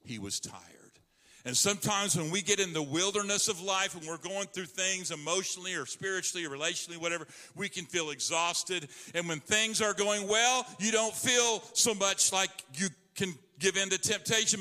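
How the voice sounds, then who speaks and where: A man preaching a sermon as a pastor, swinging between loud emphasis and hushed asides. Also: sits high, moderate pace, big-room sound, faint music behind.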